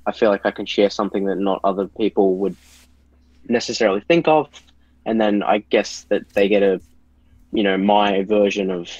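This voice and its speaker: A man appears as a guest on a podcast, a YouTube reviewer chatting casually in a laid-back way and hedging with plenty of "like." His voice is fairly low and darkish at a moderate pace, with no room sound and a dull, slightly lo-fi recording.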